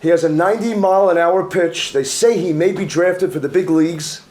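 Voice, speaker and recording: A man, a rabbi, giving an emphatic speech to an audience and building excitement. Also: high-pitched, brisk. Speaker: rabbi, event speaker.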